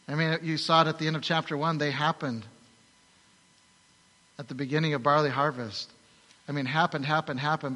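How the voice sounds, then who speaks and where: A man's voice: a little high, sharp tone. A man preaching a sermon to his congregation, telling the story animatedly and asking rhetorical questions. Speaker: pastor. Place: large church hall. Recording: long hall reverb.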